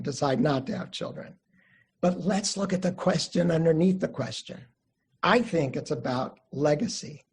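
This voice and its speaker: An older man, a Jewish studies teacher, giving an online class lecture and telling family stories with animated quoted voices. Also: a little high, breathy edge. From United States (Midwest). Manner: warm anecdotal storytelling, animated quotes.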